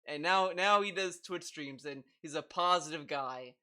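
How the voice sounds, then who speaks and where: A man streaming live and reacting to videos, talking in an excitable, stammering way. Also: on the high side, normal speed, clean tone. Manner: animated, excitable, stammering repeats.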